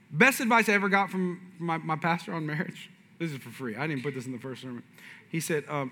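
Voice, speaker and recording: A man preaching a sermon, animated and shifting from loud punches to hushed asides. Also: fairly high pitch, quick pace, slight background noise. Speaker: pastor. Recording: reverberant hall.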